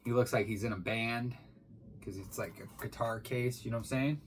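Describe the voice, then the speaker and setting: A man's voice: mid-range voice, moderate pace, slight background noise, poor audio. A man talking casually through an unboxing for his channel, rambling and swearing freely as he goes. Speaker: beer reviewer.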